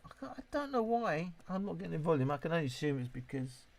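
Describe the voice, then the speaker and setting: This British man in his late fifties has a gravelly, higher-leaning voice with big pitch swings and a quick pace. A bit tipsy and chatty on a live stream, he rambles, swears a lot and reads out the viewers' comments.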